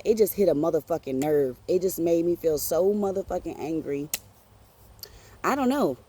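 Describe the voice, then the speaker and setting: A woman telling a personal story on her podcast in an animated, profane, streetwise way. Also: on the low side. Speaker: podcast host.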